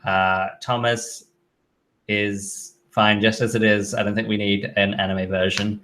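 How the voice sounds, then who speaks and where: A man's voice: fairly low pitch, flat delivery, a little slow, sharp tone, slight background noise. A man hosting a casual live stream, reading viewer questions aloud and answering them in an offhand, chatty way. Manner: reads out chat questions then answers offhandedly, with fillers.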